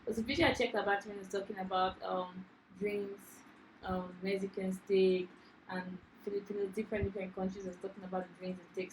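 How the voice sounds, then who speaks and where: A woman's voice: medium pitch, a little mellow, slight background noise. Female reaction-video co-host, enthusiastic and chatty, recorded in a roomy, echoey space. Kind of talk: casual reaction chat.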